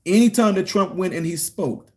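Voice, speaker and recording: Animated middle-aged man preaching to his chat. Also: sits high, moderate pace. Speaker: political commentary streamer. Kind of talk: live-chat political commentary.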